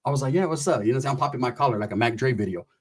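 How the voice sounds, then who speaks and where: A man from California telling a profane story and acting out the people in it with animated voices. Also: medium pitch, rapid-fire, breathy edge. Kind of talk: storytelling stand-up.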